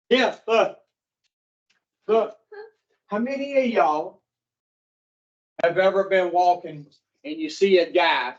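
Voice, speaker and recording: A man, his voice fairly high for a man, speaks to a recovery class at an unhurried pace. He is blunt and profane and keeps firing questions at his listeners. The recording sounds dull and lo-fi. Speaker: addiction recovery counselor. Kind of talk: classroom talk to a recovery group.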